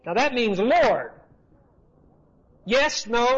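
Emphatic high-voiced male Bible teacher. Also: lively intonation, unhurried, fairly bright tone. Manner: emphatic, repetitive, conversational. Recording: dull lo-fi recording.

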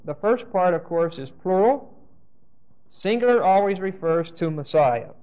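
Male Bible teacher with a high voice, lecturing a class and reading scripture aloud, on a dull lo-fi recording. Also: expressive, unhurried, warm tone. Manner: checks in with the class, asking questions and saying "okay?"; reads scripture aloud and explains it.

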